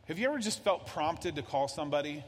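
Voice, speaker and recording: A man preaching a conversational sermon, his voice sitting a touch high. He acts out short exchanges between people as he talks. The sound rings out with a long reverb, as in a church sanctuary. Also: animated, quick pace. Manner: conversational preaching, acting out dialogue. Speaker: pastor.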